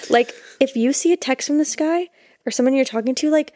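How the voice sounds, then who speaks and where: A woman's voice: sits high, brisk, mellow, no echo, clean studio sound. A woman co-hosting a podcast in casual chat, chatty and giggly with lots of filler words. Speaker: podcast co-host.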